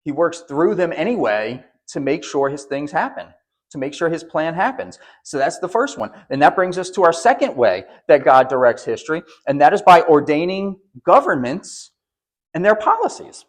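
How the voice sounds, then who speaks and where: A pastor preaching a sermon, conversational and often restarting words, then building to emphatic peaks. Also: male voice, fairly high pitch, big pitch swings, moderate pace.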